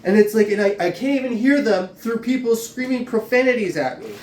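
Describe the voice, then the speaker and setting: In this ranting vlog monologue, a man swears and rambles agitatedly, constantly saying "like." He sounds high-pitched, animated, a little fast and slightly mellow, picked up distantly in a roomy space with faint ambience.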